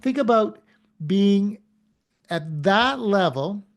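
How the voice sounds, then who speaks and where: A man giving an animated motivational talk as a show host, firing questions at his audience and acting out little quotes. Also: high voice, slow pace.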